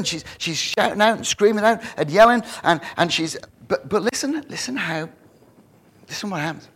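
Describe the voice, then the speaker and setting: A man delivering a sermon in an animated, emphatic way. His voice sits a bit higher than most men's, and he keeps stopping and restarting to press a point. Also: normal speed, breathy edge. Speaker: pastor.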